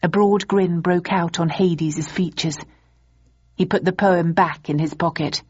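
A woman narrating a novel in a measured, unhurried way. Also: low voice, steady tone, breathy edge, no room sound, muffled recording. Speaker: audiobook narrator. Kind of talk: scripted narration.

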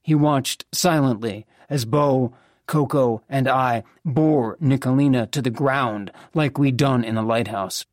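A narrator reading a fantasy novel in the first person, in a measured, even storytelling manner. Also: mid-range voice, dry recording, clean studio sound. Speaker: audiobook narrator.

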